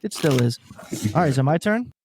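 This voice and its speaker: A male podcast co-host and stand-up comic in casual comedic chat, cheerful and animated, laughing often and swearing freely. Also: fairly high pitch, brisk, husky, dry recording, clean studio sound.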